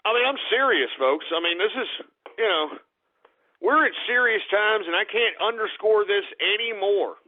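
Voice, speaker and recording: A man hosting an internet radio show, ranting at his listeners with constant swearing, swinging between shouting and weary muttering. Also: sits high, animated, normal speed. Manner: repeats exclamations, addresses listeners as folks. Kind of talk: talk radio rant. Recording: tinny lo-fi phone-like audio.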